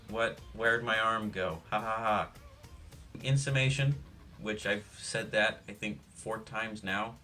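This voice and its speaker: A young man giving a jokey, rambling sports preview, deadpan with self-mocking asides. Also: lowish voice. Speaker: sports vlogger.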